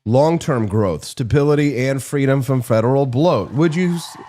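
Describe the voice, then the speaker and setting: A man's voice: mid-range voice, normal speed, mellow, a little hiss or hum. A man hosting a casual political talk show, joking and slipping into silly voices for quotes. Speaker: podcast host.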